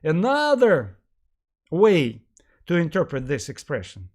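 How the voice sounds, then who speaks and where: A man lectures a class on history in an emphatic, animated way, frequently posing rhetorical questions and leaning on lots of fillers. His voice is fairly high, and he takes his time.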